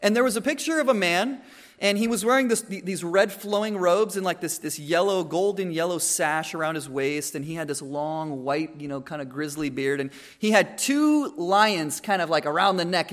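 High-voiced man preaching casually. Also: normal speed, a bit bright. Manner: conversational, with many restarts and acted-out quotes. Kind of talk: sermon.

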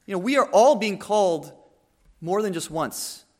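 A man's voice: high-pitched, animated, normal speed. A young adult man giving a conversational sermon, with frequent restarts and acted-out quotes. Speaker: preacher.

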